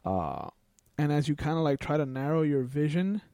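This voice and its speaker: A man's voice: a little high, sing-song, normal speed, mellow, dry recording, clean studio sound. A man running a tabletop game as game master, narrating scenes in a loose, descriptive way with lots of "like" and "kinda".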